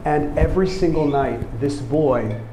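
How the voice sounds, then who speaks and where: A man's voice: medium pitch, unhurried. A man, a rabbi, teaching a class in a casual, chatty way, telling a story and leaning heavily on 'like'. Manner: chatty, repeats words, heavy use of 'like'. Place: seminary classroom. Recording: echoey classroom with faint noise.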